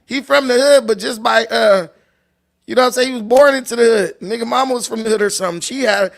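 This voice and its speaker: A man with a strikingly high voice and a gravelly edge tells stories in a loose, profane, joking way. He from Long Beach and talks like a livestream host. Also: fast talker, fairly bright tone. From Long Beach, California. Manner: loose, profane, laughing storyteller. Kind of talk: casual storytelling.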